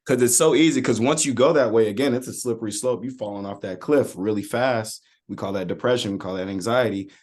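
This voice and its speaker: A man's voice: fairly low pitch, fairly quick, hardly any pauses, darkish tone. A man hosting a podcast, talking loosely with slang and restarting his sentences as he frames questions for his guest. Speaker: podcast host and coach. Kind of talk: casual podcast conversation.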